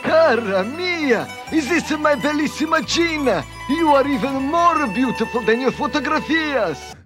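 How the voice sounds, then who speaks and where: High sing-song old italian gondolier grandpa, cartoon clip with music playing. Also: male voice, expressive, measured pace. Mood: doting. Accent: put-on Italian.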